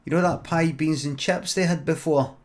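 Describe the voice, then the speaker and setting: A man with a Scottish accent improvising a comic story in a deadpan, halting way on a live stream. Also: a little high.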